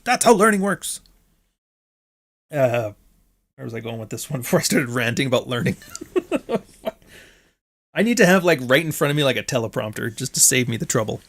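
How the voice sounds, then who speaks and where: A man's voice: mid-range voice, animated, quick pace, gravelly, fairly bright tone. Rambling Canadian man hosting a stream. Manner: rambling, blunt, swears freely. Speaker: stream host. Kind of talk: casual livestream commentary.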